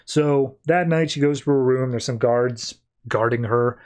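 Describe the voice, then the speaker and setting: A man's voice: medium pitch, a little slow, darkish tone, clean tone. Chatty man recapping comics. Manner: chatty, filler-heavy storytelling. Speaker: podcast host. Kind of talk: casual comic book recap.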